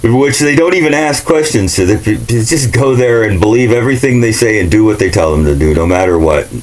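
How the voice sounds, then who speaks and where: Low-voiced man in a profane rant. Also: expressive, a little fast, low-quality recording. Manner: ranting, profane, sarcastic. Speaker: vlogger. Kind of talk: casual monologue rant.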